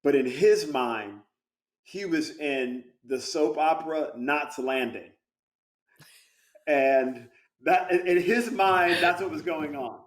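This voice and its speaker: A man with a voice on the high side speaks at a slow pace, chatting as a guest actor over a video call. He's an animated storyteller who laughs often in this casual interview.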